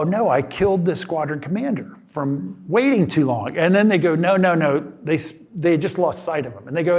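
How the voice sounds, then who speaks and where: A man in his sixties giving a casual talk in a lecture hall, telling a story with restarts and acted-out quotes. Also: a little high. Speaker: guest speaker.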